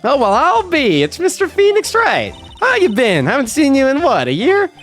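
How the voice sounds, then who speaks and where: A man plays a brash young woman photographer with a thick put-on Southern drawl. She talks big and folksy, pitched high and lively. She sits over faint background music. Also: normal speed, heavily acted.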